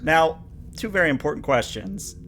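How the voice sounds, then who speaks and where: A man narrating as game master of a tabletop game, playful and quick to ham up scenes. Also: on the high side, big pitch swings, a bit bright. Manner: playful, hams up voices.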